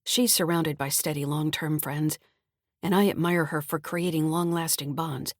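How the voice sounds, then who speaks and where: A woman with a low, deep voice narrates a mystery thriller in a calm, measured read. The sound is dry and close, with no room around it. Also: dry recording. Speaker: author and audiobook narrator. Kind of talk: scripted audiobook narration.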